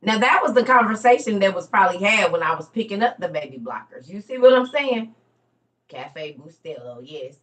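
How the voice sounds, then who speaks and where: A woman who makes social media videos, casually telling a story to her viewers and breaking into loud, laughing outbursts. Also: mid-range voice. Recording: voice a bit far from the mic.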